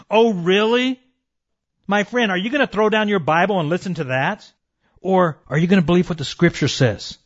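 A man's voice: sits high, a bit bright, lo-fi sound. A man preaching an emphatic sermon, calling his listeners folks and warning them of judgment.

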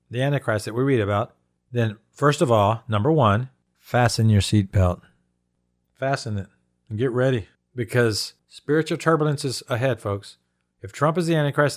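A man preaching an impassioned online sermon, driving his points home with emphatic repetition and calling his listeners folks. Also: mid-range voice. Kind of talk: fiery sermon-style commentary.

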